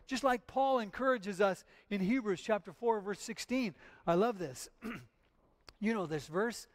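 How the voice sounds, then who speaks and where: High-voiced preaching pastor. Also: male voice, measured pace. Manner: earnest, emphatic preaching with repetitions. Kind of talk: sermon.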